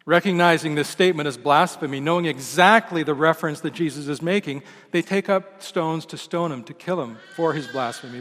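A man preaching a sermon as pastor, with a measured, emphatic delivery whose lines fall away at the ends. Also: on the high side, a bit bright. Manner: measured, emphatic delivery with falling line endings. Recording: long reverb of a large church hall.

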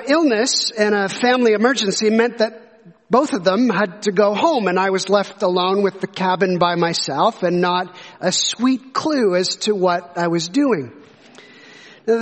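Male pastor, high voice, earnest storytelling sermon, church hall reverb. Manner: earnest storytelling, rhetorical questions.

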